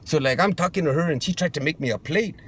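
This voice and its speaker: A man's voice: fairly high pitch, fast talker, a bit bright, a little hiss or hum, natural voice. A man playing a macho young street guy who gets defensive, talking in a slangy drawl and calling everyone fool. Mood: rambling. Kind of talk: comedy sketch monologue.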